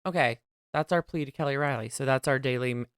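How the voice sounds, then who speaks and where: American male podcast host, gushing and theatrical, with a creaky voice. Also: mid-range voice, brisk, no echo, clean studio sound. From West Virginia. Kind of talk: casual chat.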